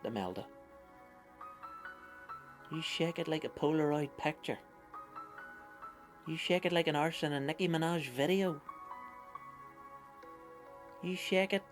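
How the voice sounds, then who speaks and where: Man putting on a pitchman, thirties, cheeky, sweary, chatty. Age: 30s. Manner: sweary, chatty sales patter. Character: cheeky swearing male pitchman, matey and rambling.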